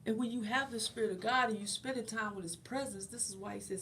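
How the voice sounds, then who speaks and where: Animated and a little fast, this middle-aged host speaks in a fairly high, fairly bright voice with few pauses. She talks to her channel's viewers about faith in a casual, encouraging manner, repeating phrases. Slight background noise is present.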